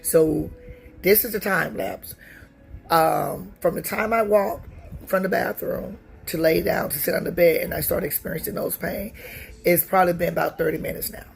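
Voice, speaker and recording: Woman with a very gravelly voice. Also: fairly low pitch. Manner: halting, many fillers and restarts. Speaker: woman giving a personal testimony. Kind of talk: personal testimony, recounted story.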